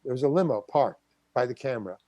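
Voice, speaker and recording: A man's voice: mid-range voice, expressive, quick pace, mellow, no echo. An older man, a guest actor, telling a story in an interview and acting out the quotes. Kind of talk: anecdotal storytelling.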